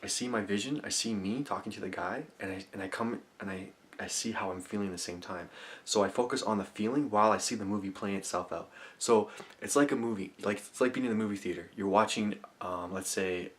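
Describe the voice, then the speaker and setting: A man with a fairly low voice speaks to camera, guiding a visualization. His explanations come in eager, rambling stretches full of restarts, and he falls into quiet, murmured affirmations. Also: brisk. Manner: drops to soft, murmured affirmations, laughing often. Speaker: self-help vlogger. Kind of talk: guided visualization demonstration to camera. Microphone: camera mic.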